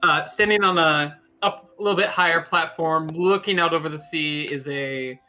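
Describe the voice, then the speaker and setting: A man playing a tabletop game who describes his character haltingly, full of ums and self-corrections. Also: fairly high pitch, sharp tone, soft background music. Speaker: player.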